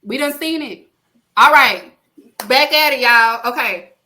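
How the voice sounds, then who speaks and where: A woman hosting a casual podcast award show, announcing winners with playful, drawn-out emphasis. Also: high-pitched, sharp tone. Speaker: podcast host.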